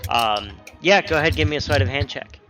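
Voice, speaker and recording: A man narrating as game master of a tabletop role-playing game, relaxed and hesitant, with many pauses and fillers. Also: a little high. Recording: slightly dull lo-fi audio with faint music.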